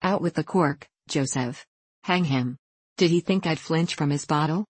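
A swaggering young monarch from a storybook, defiant and loud in his praise and scorn. A woman reads him in her own low voice, lending him a declamatory air. The reading is close and dry. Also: unhurried, breathy edge, dry recording. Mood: scornful. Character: hearty drunken young king, reckless and defiant.

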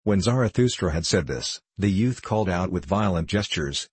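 Low husky man reading an old book. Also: no echo, rough recording. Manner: measured, even, unhurried delivery. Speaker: narrator. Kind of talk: audiobook reading of an archaic text.

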